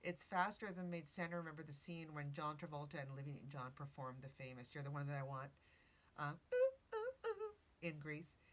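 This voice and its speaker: A woman's voice: low voice, fairly even intonation, fast, hardly any pauses, a bit bright, a little hiss or hum. A woman hosting a casual podcast. She tells a story while reading from notes, correcting herself and adding chatty asides. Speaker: podcast host.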